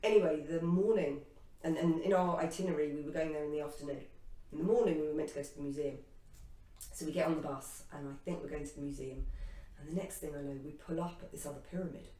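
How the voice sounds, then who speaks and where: A woman with a slightly low voice tells a personal story in a casual chat, acting out her own past reactions with laughter. She sounds set back from the mic in an echoey room. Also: fairly even intonation, quick pace, warm tone, distant mic. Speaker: co-host.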